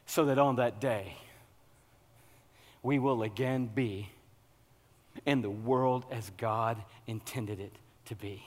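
A man preaching a sermon, animated and humorous, working up to loud, excited preaching. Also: mid-range voice, slow, long pauses, big-room sound. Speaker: pastor.

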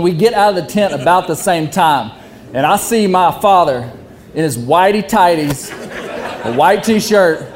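A young man telling a hunting story, animated and often laughing while he talks. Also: high voice. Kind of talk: casual storytelling.

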